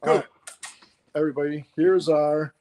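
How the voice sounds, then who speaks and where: A man's voice: a little high, level tone, normal speed, mellow, slight background noise. A man hosting a casual interview, chiming in with short agreeing remarks. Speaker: interview host.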